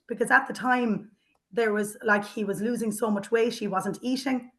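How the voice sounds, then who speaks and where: A woman's voice: medium pitch, steady tone, moderate pace, a bit bright. A middle-aged Irish woman who manages a housing association, reflecting earnestly and with heart in an interview, with fillers and restarts. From Ireland.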